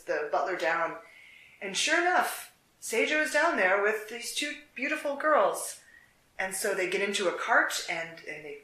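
A storyteller telling a folk tale in a relaxed, unscripted way, with fillers and restarts. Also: mid-range voice. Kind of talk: casual storytelling. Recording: echoey room.

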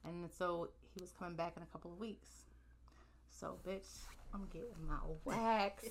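A woman, co-hosting a podcast and telling a long, profane story in a loose, animated way. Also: fairly low pitch, moderate pace, a little hiss or hum. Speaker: podcast co-host. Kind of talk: casual storytelling chat.

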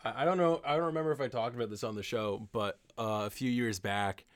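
A young man co-hosting a podcast, delivering dry, absurd jokes in a deadpan way. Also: mid-range voice, fast, no echo. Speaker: podcast co-host. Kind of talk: casual chat.

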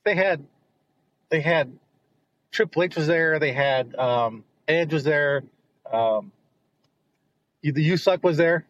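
Middle-aged dad telling stories, dull sound. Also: male voice, on the high side, slow, pauses often. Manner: rambling, repeats words while telling family stories. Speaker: guest, host's father. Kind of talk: casual storytelling.

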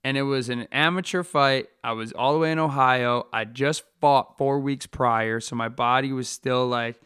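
A man's voice: medium pitch, fairly even intonation, moderate pace, fairly bright tone, clear, resonant tone. Swearing young man ranting. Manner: heated, swears a lot, drops to a mutter. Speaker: fighter hosting a talk show. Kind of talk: casual profane rant.

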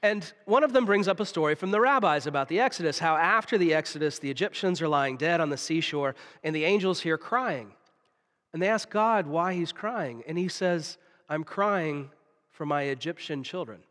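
A man from the preaching a sermon, telling stories with dramatic pauses and drops to a hush. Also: on the high side, expressive. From Southern United States. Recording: long reverb of a large hall.

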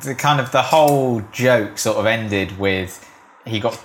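A man hosting a podcast interview, asking relaxed follow-up questions and agreeing along. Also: mid-range voice, unhurried, slight background noise. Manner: brief agreeing backchannels and laughs, follow-up questions. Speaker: podcast host. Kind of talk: casual conversational interview.

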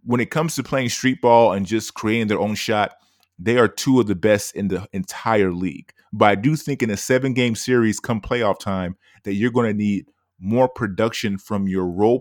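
A man co-hosting a sports podcast, making his points in a measured way with many fillers. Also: fairly low pitch, no echo, clean studio sound. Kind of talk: casual sports debate.

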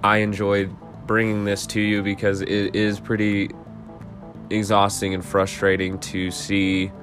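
A man hosting a casual political podcast in a monotone voice, rambling with laid-back asides while reading an article aloud. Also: fairly low pitch, measured pace, soft background music. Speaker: podcast host.

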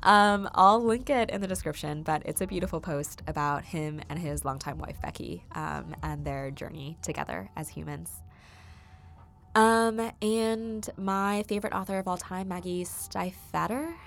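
A young woman with a lowish voice hosts a casual solo podcast, speaking unhurriedly. She's warm and chatty, tells stories full of ums, and laughs as she goes.

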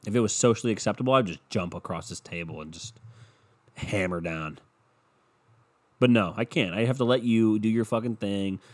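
A young man hosting a podcast solo sounds sick and tired as he rants sarcastically, swearing a lot and hopping from topic to topic. His voice is fairly low and he speaks at normal speed.

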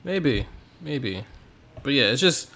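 A man's voice: medium pitch, big pitch swings, takes it slowly, a bit bright. A man co-hosting a podcast in casual, jokey chat, laughing often. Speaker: podcast co-host.

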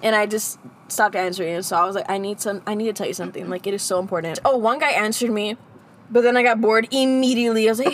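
A young woman co-hosting a podcast, casually telling lively stories and putting on playful voices. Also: mid-range voice, fast talker, a little hiss or hum. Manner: animated storytelling with playful impressions. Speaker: podcast co-host. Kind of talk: casual chat.

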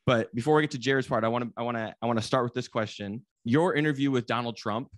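A man's voice: mid-range voice, fast talker. A man co-hosting a casual podcast, talking loosely, swearing and laughing easily. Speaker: podcast co-host. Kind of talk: casual chat and interviewing.

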